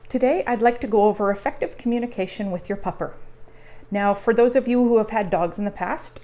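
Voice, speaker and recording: A woman teaches dog training on a forest trail, speaking in a friendly and plain manner. Her voice sits at an ordinary middle pitch. The delivery is a relaxed, instructional vlog. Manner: friendly, plain explaining with occasional fillers. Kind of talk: instructional vlog while walking dogs.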